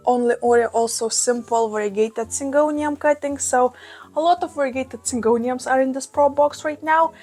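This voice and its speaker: A woman with a Russian accent chats casually to camera from a small room at home, gushing and quick to exclaim. Her voice sits a little high, with soft music playing faintly underneath. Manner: gushing, enthusiastic, exclaims often. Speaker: plant vlogger. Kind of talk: casual vlog. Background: soft background music.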